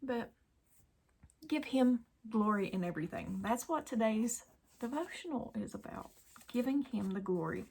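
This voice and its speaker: A woman hosting a daily devotional video, talking earnestly and emotionally to her viewers and often dropping to a soft whisper. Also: on the high side, animated, moderate pace, creaky, slightly rough. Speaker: Christian YouTube devotional host.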